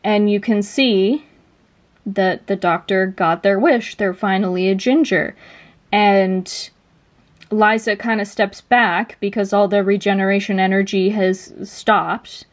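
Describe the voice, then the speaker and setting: A woman video essayist casually pitching a story idea in a loose, chatty way, with many fillers. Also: steady tone, slow.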